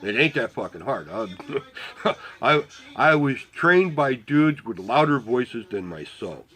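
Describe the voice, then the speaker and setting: A man's voice: mid-range voice, big pitch swings, slow pace, fairly bright tone. A man in a casual storytelling mood, his talk packed with swearing and loose asides. He keeps slipping into quoted back-and-forth dialogue while recounting events. His voice sits in an ordinary middle register. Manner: profane, rambling, swears constantly; quotes himself and others in dialogue. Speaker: volunteer telling a story.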